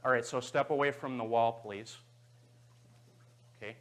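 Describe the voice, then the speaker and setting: A man's voice: mid-range voice, fairly even intonation, unhurried. Man teaching a church Bible class. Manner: guiding, checks in with "okay" and "right". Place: church auditorium.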